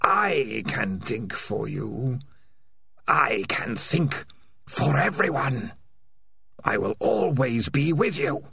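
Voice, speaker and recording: A man voicing a sinister rat-mind that whispers slowly and breathily inside a cat's head, in a storybook reading. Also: medium pitch, lively intonation, sharp tone, dry recording, studio quality, exaggerated voice. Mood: cold. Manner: slow, breathy, menacing whisper.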